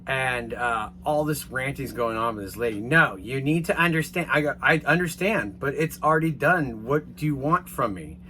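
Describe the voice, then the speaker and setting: A man telling a rambling, casual story to his viewers, swearing now and then and getting animated as he retells it. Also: mid-range voice, moderate pace, hardly any pauses, slight background noise. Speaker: vlogger.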